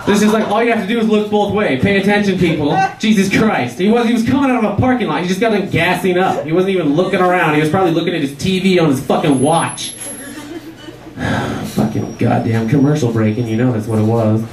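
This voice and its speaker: A man's voice: sits high, quick pace, hardly any pauses, a crowd in the background. A man doing a stand-up set at an open mic, ranting and swearing and laughing at his own jokes. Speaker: stand-up comedian. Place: bar or club open mic night. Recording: echoey room recorded from far off.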